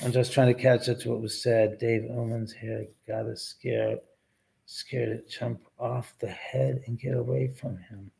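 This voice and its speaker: A man's voice: medium pitch, little pitch movement, a little slow, gravelly, dark tone. A man hosting a casual livestream from his house, rambling and swearing freely as he talks to his dog and answers viewers. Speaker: livestream host. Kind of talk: casual live-stream chat.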